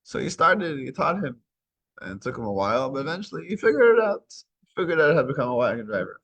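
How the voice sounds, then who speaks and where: A man's voice: on the high side, sing-song, fast talker, fairly bright tone, slightly rough. A man teaching a weekly Torah class, retelling a story and acting out its dialogue. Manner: acts out dialogue in retold stories.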